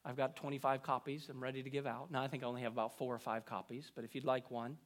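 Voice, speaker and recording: A man preaching a sermon as pastor, earnest and deliberate, his voice rising to emphatic peaks and falling to hushed lines. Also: mid-range voice, little pitch movement.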